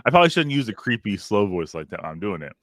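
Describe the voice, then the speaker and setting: Lively low-voiced man joking on a podcast. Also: rapid-fire, dry recording, clean studio sound. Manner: joking and playful, laughs often. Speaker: podcast co-host. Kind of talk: casual chat.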